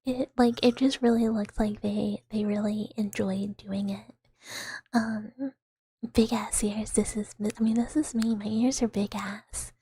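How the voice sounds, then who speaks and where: A woman VTuber streamer chatting with viewers in a soft ASMR whisper, rambling with fillers and giggles, close to the mic. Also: mid-range voice, fairly even intonation, unhurried, slightly rough, no room sound.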